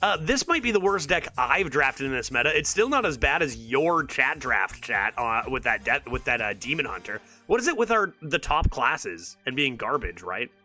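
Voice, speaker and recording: A man giving live commentary on a card game to his chat, thinking aloud with exasperated sarcasm. His pitch swings widely and his tone is bright and forceful. Faint music plays behind him. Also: big pitch swings, normal speed, few pauses. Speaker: streamer.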